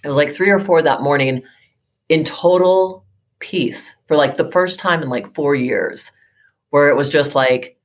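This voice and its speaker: A woman in her fifties with a low, full voice tells her own story as a guest in an interview. She talks earnestly and with feeling, often restarting her sentences and filling them with "you know". She comes across as a therapist and life coach opening up about her life. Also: unhurried. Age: 50s. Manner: earnest, emotional, many fillers and restarts.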